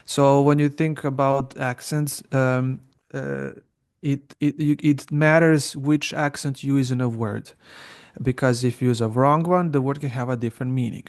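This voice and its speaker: Gravelly-voiced man co-hosting a language podcast. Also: mid-range voice, fairly even intonation, normal speed. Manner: explains plainly, with fillers and restarts. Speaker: podcast co-host. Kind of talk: casual educational chat.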